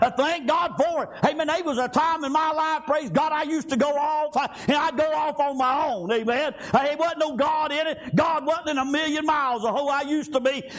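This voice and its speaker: A man preaching a sermon, shouting out emphatic lines and punctuating them with frequent amens. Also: very high voice.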